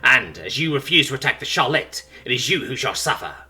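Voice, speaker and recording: A man's voice: medium pitch, sing-song, brisk, sharp tone, pitched above the performer's own voice. A man voicing a haughty eight-eyed alien ambassador. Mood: contemptuous. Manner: haughty, indignant.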